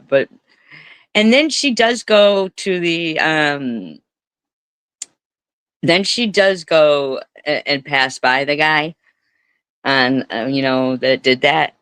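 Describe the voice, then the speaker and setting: A woman streamer rambles through live commentary, swearing freely and stacking repeated words for emphasis. She speaks slowly, with a smooth, clean tone. The sound is dry and close, with no room echo. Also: low-pitched, a bit bright.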